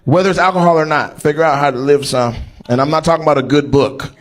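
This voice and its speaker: A middle-aged stand-up comedian working the crowd from a live stage. His voice sits a touch high for a man, and he is loud, profane and teasing as he ribs audience members. Heard through a handheld stage mic in the venue. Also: quick pace.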